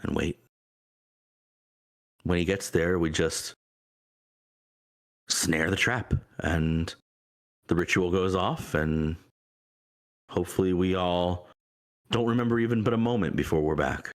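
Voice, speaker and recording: A man voicing a calm, sly male cat deity of death in a tabletop game. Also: sits low, slow pace, long pauses. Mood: resolved.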